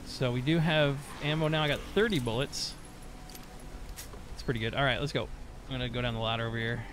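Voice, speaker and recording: A man's voice: medium pitch, steady tone, brisk, noisy background. A man streaming gameplay, talking loosely and profanely with jokes. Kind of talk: casual live gameplay commentary.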